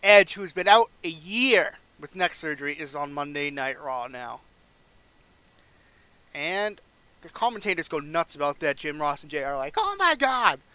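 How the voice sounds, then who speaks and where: A man casually recaps a wrestling management game, reading out match scores. His voice sits a little high, bright and crisp, with a dry, close sound. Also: lively intonation, moderate pace, no echo. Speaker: game playthrough narrator.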